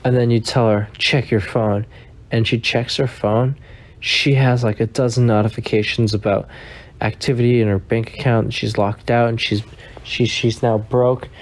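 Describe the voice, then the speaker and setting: A man delivers an absurd comedy monologue in a flat, deadpan way. He stumbles and stalls, repeating words over and over before pushing on. His voice sits at an ordinary, middle pitch. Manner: halting, many repeated words and restarts.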